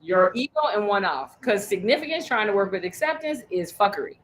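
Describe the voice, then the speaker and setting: A woman's voice: mid-range voice, animated, a little fast, slight background noise, rough recording. A woman business coach teaching a live workshop, telling stories with lots of energy, acting out quoted voices and swearing casually.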